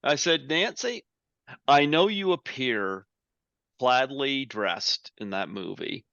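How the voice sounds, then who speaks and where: A man hosting a podcast interview, telling stories in a rambling, excitable way with many restarts. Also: mid-range voice, slow pace, gravelly, dry recording, lo-fi sound. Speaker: podcast host. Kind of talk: casual interview chat.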